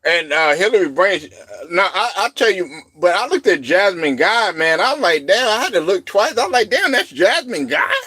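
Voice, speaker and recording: Bright talky guy hosting a live chat, laughs a lot, dry close sound. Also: sits high, animated, normal speed, breathy edge, no room sound. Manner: rambling, laughs often, shouts quoted reactions. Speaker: show host. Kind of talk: casual live-stream chat.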